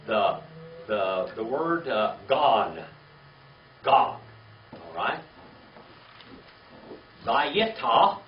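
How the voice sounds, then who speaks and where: In a slow, fairly low voice with big pitch swings, a man teaches a small Bible class. He asks questions, repeats key words and checks understanding with "all right?" after each point. The recording is distant, echoey and dull, carrying a faint hiss.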